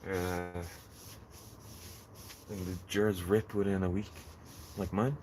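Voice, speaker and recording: A man's voice: deep voice, flat delivery, slow pace, a little mellow, slight background noise. A man chatting casually on a gardening live stream, rambling and joking with viewers from his greenhouse. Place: in a greenhouse in the rain.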